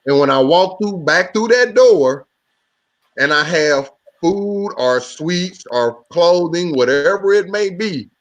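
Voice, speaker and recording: A man co-hosting a casual group podcast over a video call, telling a story in an animated way. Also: high voice, slow pace. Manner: animated storytelling, acts out quotes. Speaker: podcast co-host.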